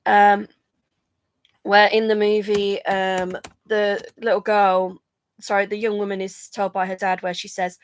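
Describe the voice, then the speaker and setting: A woman's voice: mid-range voice, level tone, unhurried, smooth, dry recording. A drowsy woman chatting casually on a live stream, rambling and yawning between thoughts. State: drowsy from medication. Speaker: vlogger going live.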